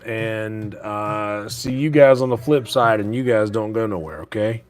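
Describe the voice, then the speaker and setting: A man's voice: fairly low pitch, unhurried. A man streaming live from his home kitchen late at night, chatting casually and keeping his voice down so he won't wake his sleeping roommates. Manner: talks quietly so as not to wake sleeping roommates; casual and rambling, with fillers.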